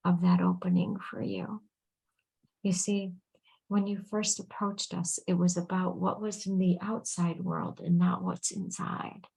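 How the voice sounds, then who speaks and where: A woman channeling on a video call, speaking slowly and soothingly as a collective "we", sometimes dropping to a hushed whisper. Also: fairly low pitch, poor audio. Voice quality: creaky, husky, drifting into soft whispers. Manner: slow, soothing, speaks as a collective "we", often murmurs "dear one". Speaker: channel giving intuitive readings.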